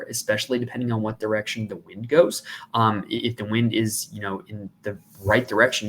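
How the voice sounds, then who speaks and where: A man's voice: lowish voice, slight background noise. Chatty male podcast host. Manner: chatty and conversational, talks at length. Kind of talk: casual sports betting preview.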